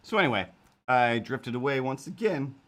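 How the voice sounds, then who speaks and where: A man's voice: medium pitch, expressive, normal speed, fairly bright tone. A man rambling playfully on a live stream while he draws. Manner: rambling, playful, talks to imaginary cats. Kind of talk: casual live-stream chat while drawing.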